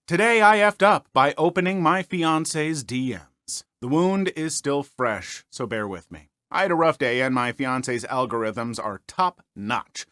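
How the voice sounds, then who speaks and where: A man's voice: mid-range voice, a little slow, few pauses, sharp tone, no room sound, clean studio sound. A man hosting a podcast, reading online stories aloud and breaking off for playful, self-mocking asides.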